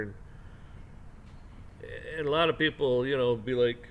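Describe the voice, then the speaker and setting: A man's voice: medium pitch, a little slow, long pauses, highs cut off, a little hiss or hum. Rambling man ranting his opinion. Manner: rambling, repeats and restarts words often. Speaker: commentary channel host. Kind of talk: casual opinion rant.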